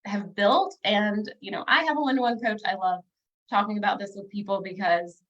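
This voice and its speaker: A woman's voice: mid-range voice, normal speed, a bit bright, lo-fi sound. A woman in her thirties, a bookkeeper and business coach, talking casually and upbeat to viewers on a livestream, with plenty of fillers. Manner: chatty and upbeat, with frequent fillers, speaking directly to viewers.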